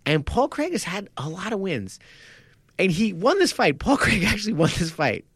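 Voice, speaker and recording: A man on a podcast, chatting casually about martial arts fights, animated and quick to laugh as he acts out his own reactions. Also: sits high, husky, no echo, clean studio sound. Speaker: podcast co-host. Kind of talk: casual sports chat.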